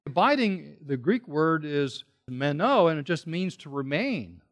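A man teaching from the pulpit in a lively, swinging voice that sits somewhat high for a man. He leans hard on his key words, repeats them for stress and poses questions to his listeners as he works through the text. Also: measured pace. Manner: explains Greek terms, asks the listeners questions. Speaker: preacher. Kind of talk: expository Bible teaching sermon.

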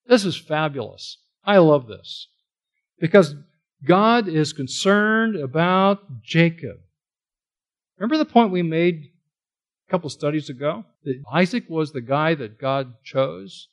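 A man preaching an expository Bible study in an animated way. His voice sits a little high for a man. He keeps asking his listeners questions and leans hard on key words. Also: unhurried. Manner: animated, asks the audience questions, stresses words. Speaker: pastor teaching a Bible study. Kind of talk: expository sermon.

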